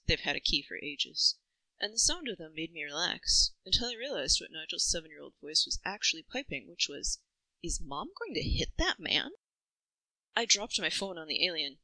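Woman storyteller, bright and dry, reflective first-person reading. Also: low voice, no room sound, rough recording. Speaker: narrator.

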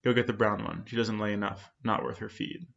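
A man's voice: on the low side, fairly quick, vocal fry, a bit bright. A man reading a curt, cold farmer father. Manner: curt, commanding. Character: stern, cold middle-aged farmer father. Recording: dull lo-fi sound.

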